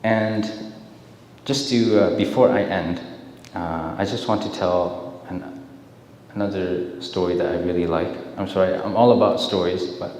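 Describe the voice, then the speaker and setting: Low-voiced man telling temple stories. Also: steady tone, measured pace. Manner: storytelling, warm-hearted, repeats words. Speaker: dharma speaker. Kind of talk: dharma talk with storytelling. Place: temple hall. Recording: echoey hall, faint hiss.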